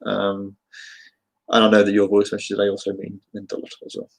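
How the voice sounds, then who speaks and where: A man's voice: lowish voice, completely flat delivery, brisk, vocal fry, rough recording. A man with a Birmingham accent chatting casually to his live-stream viewers, rambling and joking with many fillers. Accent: Birmingham English. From England.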